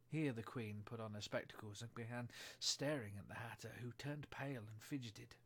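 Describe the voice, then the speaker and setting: A man narrating a storybook aloud in a steady, soft-spoken way. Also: medium pitch, normal speed. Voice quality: husky, breathy.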